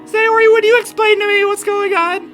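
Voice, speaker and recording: A gaming streamer voicing a frantic, cheerful schoolgirl club leader in a high, shrill falsetto while reading a visual novel aloud. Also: little pitch movement, moderate pace, a bit bright, soft background music. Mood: panicked. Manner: shrill and theatrical.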